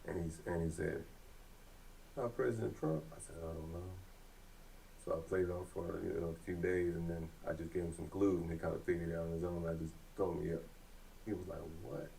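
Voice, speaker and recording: A man's voice: sits low, steady tone, a little fast, creaky, warm tone, distant mic, slight background noise, rough recording. A father telling a story in an interview, plainspoken with many fillers.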